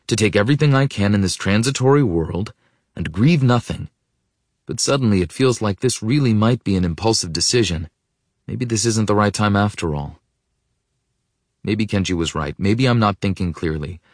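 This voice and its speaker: A man with a very low, deep voice reads a first-person novel in a reflective, intimate tone, often sinking to a hush. The recording is dry and close, with no room sound. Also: no echo. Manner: reflective, intimate, softening to hushed. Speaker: audiobook narrator. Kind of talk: first-person audiobook narration.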